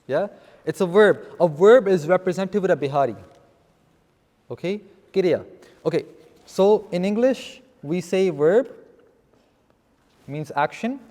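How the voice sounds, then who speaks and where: A man's voice: sits high, lively intonation, unhurried, pauses often, mellow. A man teaching a seminar on scripture vocabulary to a live class, explaining terms and often checking with "okay?". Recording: long reverb in a hall.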